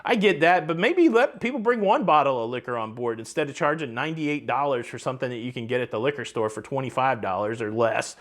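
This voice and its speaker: A man with a mid-range voice talks fast with few pauses, hosting a cruise news vlog outdoors by the ocean. His casual commentary is chatty and upbeat, aimed straight at his viewers.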